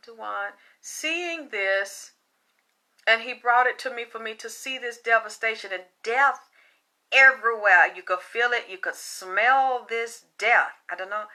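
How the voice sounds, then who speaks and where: A woman spiritual reader with a bright, sharp-edged voice sitting a little high tells her stories bluntly and animatedly. She swears freely and talks in a loose, casual way. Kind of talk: casual profane storytelling.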